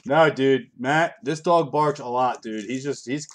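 Speaking a little slowly in a mid-range voice, a man hosts a home card break on a livestream, with noise in the background. He rambles casually, calling out the cards one by one as he pulls them from packs.

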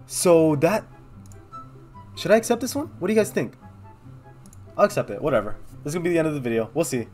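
Young man, fast excitable gameplay chatter, slightly high voice, soft guitar music behind. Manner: excitable, talks to viewers, thinks aloud. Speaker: gaming video host. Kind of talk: casual gameplay commentary.

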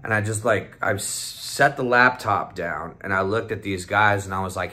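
Speaking at a moderate pace in a low, bright, forceful voice, a young man recounts a trip in a casual vlog. The story rambles and is full of constant swearing. He keeps imitating what his friends said.

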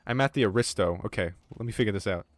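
Profane, excitable young gamer man. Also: fairly low pitch, quick pace, dry recording. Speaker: streamer. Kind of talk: casual gaming chat.

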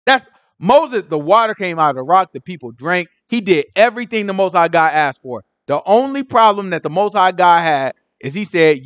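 This man runs a Bible study in a lively, chatty manner, asking the group questions and coming back to the same phrases. His voice sits high and moves at a moderate pace, recorded without echo.

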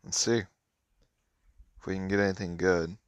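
A man's voice: low voice, fairly even intonation, takes it slowly, clean tone, no echo. A man giving offhand, casual running commentary while playing a mobile game, muttering his thoughts as he goes.

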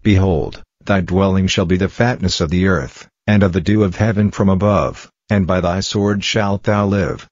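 A man's voice: sits low, no room sound. A man reading the lines of an aged blind father giving solemn blessings, grave and formal. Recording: dull lo-fi, dry.

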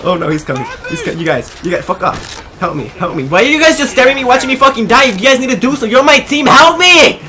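A young gaming YouTuber giving live commentary, swearing constantly and pleading with and yelling at other players. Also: sits high, very animated, quick pace, slight background noise.

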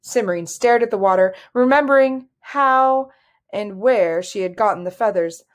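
A woman reading a fantasy novel aloud with steady storytelling narration. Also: mid-range voice, moderate pace. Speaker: audiobook reader. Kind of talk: scripted narration.

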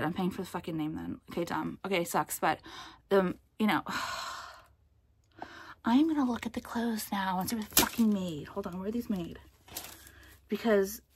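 Chatting in her vlog, this young American woman wanders from point to point, swearing, leaning on fillers and flaring up in indignation. She has a husky, medium-pitched voice, and the recording is dry.

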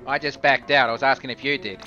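A man's voice: medium pitch, steady tone, fast, sharp tone, lo-fi sound, faint music behind. A man playing along on a game stream, joking dryly and swearing casually. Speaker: co-player on stream.

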